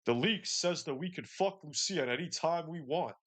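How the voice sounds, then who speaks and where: A man's voice: a little high, expressive, moderate pace, a bit bright. A man putting on the voice of a boastful macho guy who forces a tough tone and brags with exaggerated swagger.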